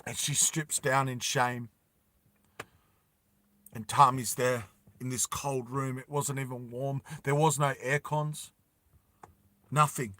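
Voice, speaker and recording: A man telling a dramatic story slowly and deliberately, with emphatic repetition. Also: medium pitch, little pitch movement, a bit bright. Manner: slow deliberate with emphatic repeats.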